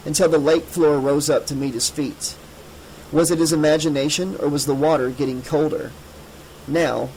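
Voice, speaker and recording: A man narrating an audiobook in a measured, steady way. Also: a little high, a little hiss or hum, rough recording. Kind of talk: scripted narration.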